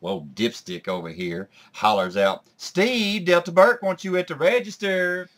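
A man's voice: on the low side, expressive, moderate pace. A man playing a crass, gossiping woman in a comedy sketch, telling crude stories. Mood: storytelling. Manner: crude, drawling storyteller.

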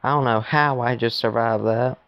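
A man's voice: medium pitch, steady tone, moderate pace, clean tone, dry recording, lo-fi sound. A man giving rambling, casual commentary to his viewers while playing a phone game, recorded on his phone. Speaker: gaming YouTuber.

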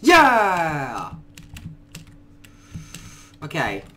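A man doing let's play commentary, muttering quietly to himself and then bursting into panicked shrieks and swearing. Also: mid-range voice, huge pitch swings, slow pace, long pauses. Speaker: gaming YouTuber.

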